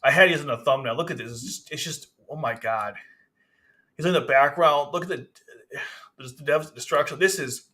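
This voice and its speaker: A man's voice: on the high side, normal speed, bright, forceful tone. A man casually reviewing a manga chapter, rambling, with frequent restarts. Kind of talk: casual commentary.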